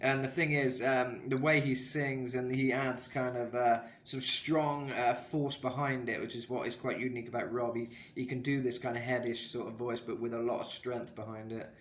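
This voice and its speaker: A man's voice: mid-range voice, flat delivery, moderate pace, few pauses, fairly bright tone, reverberant, slight background noise. A man coaching singing in a casual, rambling way, full of "kind of" and filler sounds. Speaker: vocal coach. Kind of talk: casual singing tutorial talk.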